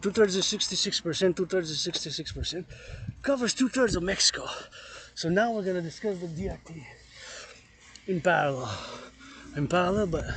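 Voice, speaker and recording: A man vlogging outdoors on a mountain forest trail while walking, rambling and repeating himself, breaking into chanted freestyle rhymes. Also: sits high. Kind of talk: walking vlog with freestyle singing.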